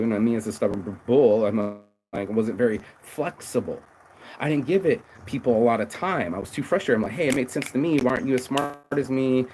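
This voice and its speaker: A man's voice: medium pitch, darkish tone, low-quality recording. A man speaking his mind in a loose, rambling monologue, swearing casually and owning up to his faults. His voice sits in an ordinary middle register, with a faint hiss beneath it. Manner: blunt, profane, rambling and emphatic; confessional, self-critical. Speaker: podcast host.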